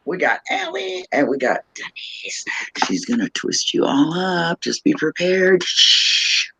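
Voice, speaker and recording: Loud joking woman hosting a live chat. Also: on the low side, huge pitch swings, a little slow, gravelly, breathy edge, low-quality recording. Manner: loud, playful, laughs a lot, clowning. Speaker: live stream host.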